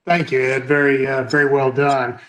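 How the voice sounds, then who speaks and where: A man's voice: mid-range voice, flat delivery, moderate pace, a bit bright, low-quality recording. Man moderating a webinar panel. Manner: easygoing, a bit repetitive with fillers.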